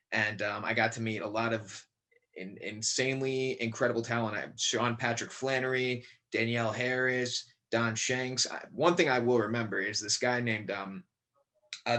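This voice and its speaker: A man about twenty from Connecticut talks as a podcast guest with a middle-pitched voice. He rambles and keeps restarting with lots of fillers. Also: fairly bright tone. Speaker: guest, young actor. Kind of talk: casual podcast interview.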